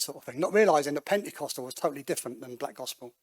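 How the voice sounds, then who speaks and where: Middle-aged man, church testimony speaker, rapid animated storytelling, higher voice. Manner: animated storyteller, acts out quoted voices, many restarts. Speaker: guest speaker giving testimony.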